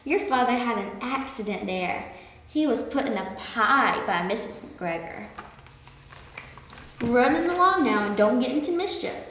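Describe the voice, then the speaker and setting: A woman's voice: fairly high pitch, expressive, a little slow, fairly bright tone, slight background noise. A woman voicing a stern mother rabbit in a storybook reading, firm and scolding. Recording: echoey hall, far from mic.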